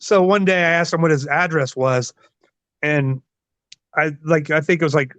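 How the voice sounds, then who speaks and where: A man in his forties, a wrestler being interviewed, telling stories in a casual, profane, animated way. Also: a little high, moderate pace, no echo. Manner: profane, animated, laughs often. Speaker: wrestler guest. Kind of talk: casual storytelling. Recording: dull lo-fi dry sound.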